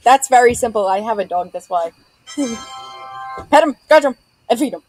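A woman playing a party game, playful and quick to protest, caught on a laptop mic at home. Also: a little high, animated, a little mellow, no room sound, soft background music, low-quality recording. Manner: playful, quick to protest, swears when flustered. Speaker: game player. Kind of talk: casual banter while playing a party game. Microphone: laptop webcam mic.

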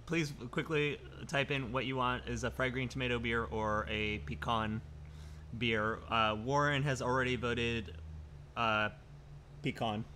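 Bright-voiced man, halting live chat. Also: medium pitch, fairly even intonation, slight background noise. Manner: chatty, halting, restarts and laughs. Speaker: brewery live stream co-host. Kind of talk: casual live stream chat.

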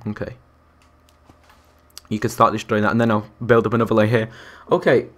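Brisk and fairly low-pitched, this young man's voice shows little pitch movement as he commentates a live game. Along the way he counts aloud and reacts to viewers and other players.

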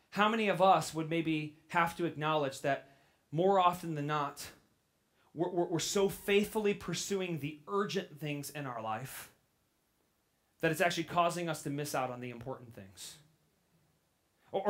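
Bright, animated woman preaching a sermon. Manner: animated, repeats words when excited; drops to a soft, low reflective tone. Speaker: pastor.

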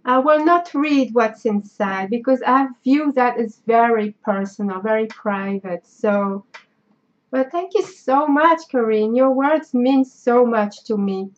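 A woman's voice: a little high, unhurried, muffled recording. A woman with a French accent chatting in a vlog, effusive and sentimental as she opens gifts and gushes her thanks. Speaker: craft vlogger. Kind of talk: casual unboxing chat.

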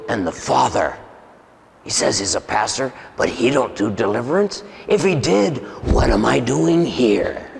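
A man voicing a deep-voiced, scheming male demon that talks slowly and coaxingly, in an echoey hall. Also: expressive, a little hiss or hum. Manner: slow, coaxing, smooth-talking. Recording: echoey hall with long reverb.

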